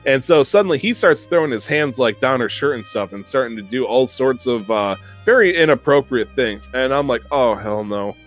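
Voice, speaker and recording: A young man hosting a podcast, telling an animated, profane, self-mocking story in casual chat. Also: medium pitch, fairly quick, hardly any pauses, faint music behind. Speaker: podcast host.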